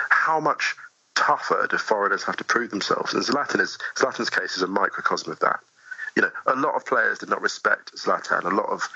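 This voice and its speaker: Husky-voiced man chatting as a guest. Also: lowish voice, no echo, muffled recording. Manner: animated, chatty, many asides and restarts. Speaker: poet, podcast guest. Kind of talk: casual interview conversation.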